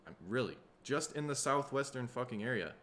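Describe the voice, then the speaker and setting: A man from Minnesota, hosting a casual solo podcast, tired and rough in the throat, rambling and swearing freely. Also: medium pitch, animated, a little fast, a bit bright, a little hiss or hum. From Minnesota, USA. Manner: rambling, profane, laid-back. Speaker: podcast host.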